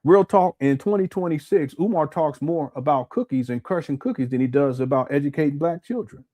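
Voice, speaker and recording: A man's voice: a little high, fairly quick, warm tone. A man from Southern California talking casually as a live-stream commentary host, often repeating words and answering chat comments.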